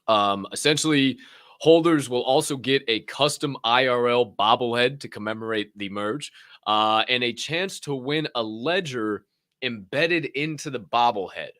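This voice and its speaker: A man, mid-pitched, talks through the news like a casual podcast host. He rambles, swears and fills pauses with "uh" and "um", and his throat sounds a little dry. The sound is dead and close, with no room around him. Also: dry recording. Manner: animated, profane, rambling with many fillers.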